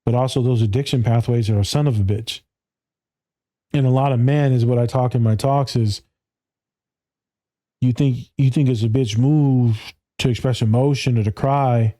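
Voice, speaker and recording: A therapist in his thirties talks casually on a podcast, blunt and profane, laughing often and doing voices when he quotes people. He has a mid-range, mellow voice with a steady tone and moderate pace.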